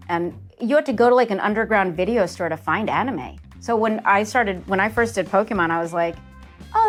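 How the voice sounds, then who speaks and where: A middle-aged woman from New Jersey, a voice actress chatting casually in an interview, lively and quick to laugh. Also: medium pitch. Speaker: voice actress guest.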